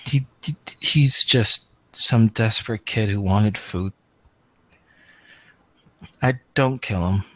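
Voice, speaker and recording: A man's voice: lowish voice, takes it slowly, pauses often, sharp tone, no echo, full character voice. A man voicing a weak, beaten woman. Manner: weak, quivering.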